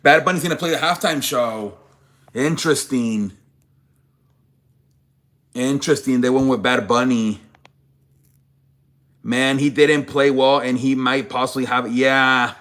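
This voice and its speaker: A young man hosts a live sports show, talking casually with viewers in a medium-pitched, slightly slow voice with a touch of brightness. It's laid-back live-stream chat, and when he gets worked up he rambles and swears.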